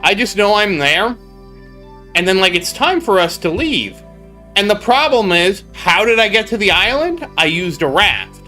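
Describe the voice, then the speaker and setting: A man streaming a game and telling a long rambling story, stopping now and then to answer his chat. His voice is bright and sits a little high for a man. Soft music plays behind him. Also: sing-song, unhurried. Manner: rambling storytelling, chatting with viewers mid-story. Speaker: gaming streamer. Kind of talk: casual live-stream chat.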